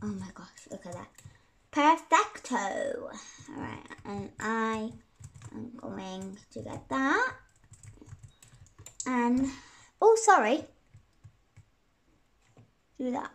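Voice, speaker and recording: Young girl, high voice, giggly, apologetic, casual gameplay chat, keyboard clicks behind. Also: slow pace, long pauses. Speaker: gaming YouTuber.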